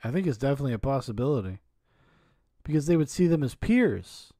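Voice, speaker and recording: A man's voice: mid-range voice, big pitch swings, fast, warm tone, no echo, studio quality. A man hosting a reaction video, giving blunt, mocking commentary and swearing freely. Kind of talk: crude sarcastic commentary.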